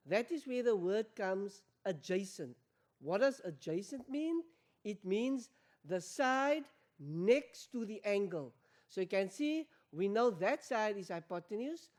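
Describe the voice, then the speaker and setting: A woman's voice: mid-range voice, darkish tone. A woman teaching an exam revision maths lesson, repeating key points and quizzing learners with questions. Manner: addresses learners as guys.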